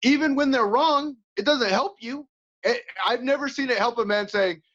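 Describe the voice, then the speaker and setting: A man, a coach and former fighter, chatting as an interview guest in an animated way, acting out inner voices. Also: extremely high pitch, fairly quick. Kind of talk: casual interview chat. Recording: dull lo-fi audio.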